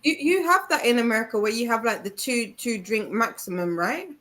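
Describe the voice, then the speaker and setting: A woman's voice: on the high side, animated, brisk, fairly bright tone. A woman in a casual chat with friends, talking hesitantly with many restarts. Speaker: book club member.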